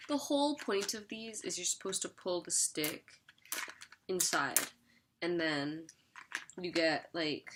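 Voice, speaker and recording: A woman's voice: lowish voice, takes it slowly, long pauses, background noise. A young woman vlogging an unboxing in a chatty, giggly way, sometimes talking while she eats. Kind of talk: casual unboxing chat.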